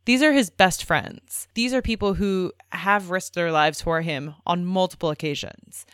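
A woman co-hosting a podcast, arguing her points in an animated, casual way. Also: on the low side, a little slow, clear, resonant tone, dry recording, studio quality. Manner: animated, argumentative. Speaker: podcast co-host. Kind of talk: casual discussion.

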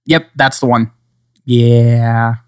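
A man's voice: medium pitch, flat delivery, very slow, a little mellow, clear, resonant tone, dry recording. A man co-hosting a podcast, chatting casually in a mid-range voice. He rambles and jokes, now and then slipping into playful put-on accents. The sound is dry and close to the mic. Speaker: podcast co-host. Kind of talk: casual chat.

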